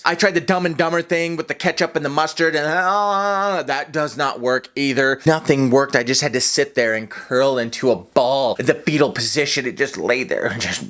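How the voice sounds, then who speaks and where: A young man telling a funny personal story in a vlog, animated and hyperbolic, with jokey asides. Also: mid-range voice.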